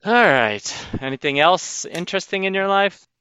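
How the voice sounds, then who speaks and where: A man's voice: high voice, expressive, moderate pace, sharp tone, clean tone, dry recording. A man co-hosting a podcast, chatting casually and laughing often. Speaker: podcast co-host. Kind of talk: casual chat. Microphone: backup mic after main mic failed. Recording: dull lo-fi sound.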